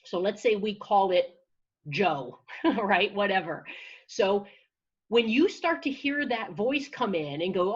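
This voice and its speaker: A woman coach speaks in an upbeat, encouraging flow, often restarting her sentences as she explains. Her voice is a little husky. The sound is dull and lo-fi, like audio from a video call. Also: medium pitch, unhurried. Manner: energetic, encouraging, with frequent restarts. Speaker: confidence and public speaking coach. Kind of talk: conversational interview answer.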